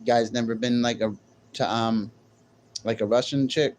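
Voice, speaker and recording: A man's voice: medium pitch, fairly even intonation, a little slow, darkish tone, slight background noise. A man livestreaming, chatting brashly and jokingly straight to his viewers with plenty of slang. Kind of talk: casual livestream chat.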